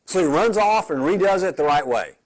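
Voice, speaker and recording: A male pastor leads a Bible study in a casual, back-and-forth way. He keeps asking his listeners "right?" and doubles back on his words. His slightly high voice swings widely in pitch. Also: lively intonation, a little fast. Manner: conversational, asks the group questions like "right?"; repeats words as he goes. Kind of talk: midweek Bible study teaching.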